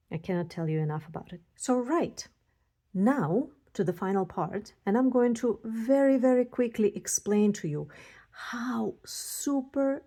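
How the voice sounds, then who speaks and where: Excited, gushing woman beading tutor. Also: mid-range voice. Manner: excited, gushing, scattered thoughts. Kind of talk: casual unboxing and how-to demo.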